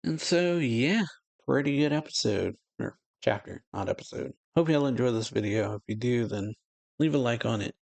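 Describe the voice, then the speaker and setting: A man's voice: medium pitch, lively intonation, moderate pace, creaky, a little mellow, no room sound. A man reading comic dialogue aloud in a casual, plain way, chuckling often between lines. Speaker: reaction channel host.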